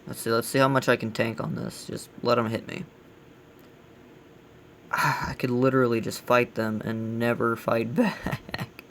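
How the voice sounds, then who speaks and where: A man with a gravelly voice hosting a casual let's play, giving blunt, grumbling critique as he plays. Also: medium pitch, flat delivery, slow pace, fairly bright tone, a little hiss or hum. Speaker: gaming channel host.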